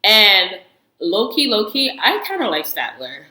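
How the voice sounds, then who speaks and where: Bright, slangy woman vlogger. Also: medium pitch, measured pace, roomy sound, low-quality recording. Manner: slangy, animated storytelling with frequent laughs; candid and outspoken, often swears. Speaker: reality TV reviewer. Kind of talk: casual chat.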